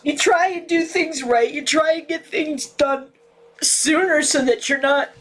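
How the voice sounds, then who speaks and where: Frustrated woman streamer near tears; slow delivery, a little high, heavy profanity. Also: a bit bright. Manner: frustrated, swearing constantly. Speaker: livestream host. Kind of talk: casual livestream chat. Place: home room with ceiling fan.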